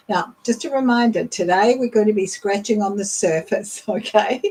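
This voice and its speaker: A woman hosting a leadership show, explaining in a measured, instructive way with occasional fillers. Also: fairly low pitch, a little mellow, husky, rough recording. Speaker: leadership coach and podcast host. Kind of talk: instructional talk.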